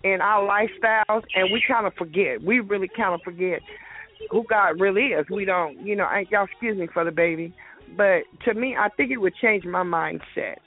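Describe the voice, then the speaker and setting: A woman's voice: mid-range voice, moderate pace, soft background music. Rambling woman caller on the phone. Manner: rambling, hesitant, repeating words. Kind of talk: casual call-in question. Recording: tinny phone line.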